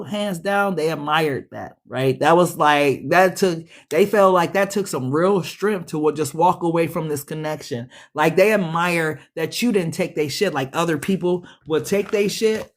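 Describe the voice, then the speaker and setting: A man giving a casual, animated tarot reading, swearing freely and talking back to the cards. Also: fairly high pitch, measured pace. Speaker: tarot reader.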